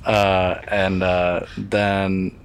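A man's voice: sits low, little pitch movement, very slow, clear, resonant tone. A young man telling casual stories among friends with dry, wry humor. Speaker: podcast co-host.

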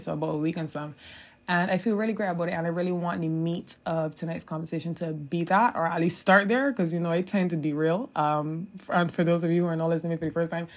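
A woman's voice: fairly low pitch, darkish tone. A woman in her twenties with a Caribbean English accent, hosting a solo podcast in a chatty, rambling way, swearing freely and laughing often. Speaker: podcast host. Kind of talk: casual solo podcast monologue.

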